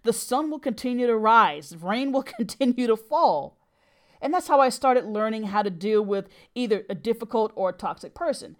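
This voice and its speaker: A middle-aged woman hosting a podcast, telling a personal story in an earnest, emphatic way. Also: on the high side. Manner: earnest and emphatic, with brief laughs.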